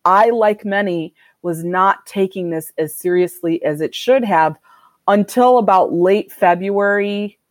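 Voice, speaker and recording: A woman doctor answering interview questions in a candid, reflective and measured way. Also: mid-range voice, no echo. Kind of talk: conversational interview.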